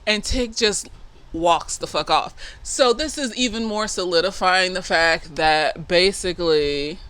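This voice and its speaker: A woman, a therapist, giving a casual, slightly tipsy review of a TV episode, profane and lively, acting out the characters' lines. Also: fairly low pitch, a little slow.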